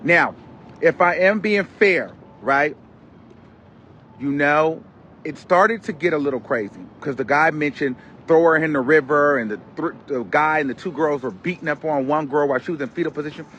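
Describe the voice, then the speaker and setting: A man with a fairly high voice delivers casual gossip commentary. He retells events dramatically and with loud exclamations, throwing in quoted lines. Faint outdoor traffic noise sits behind him. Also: normal speed. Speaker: commentary host.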